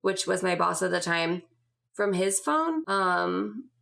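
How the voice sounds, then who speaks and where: Young woman, podcast host, gravelly vocal fry, candid storytelling, swears a lot, slightly low voice. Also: animated, takes it slowly, a bit bright. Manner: casual, profane, filler-heavy.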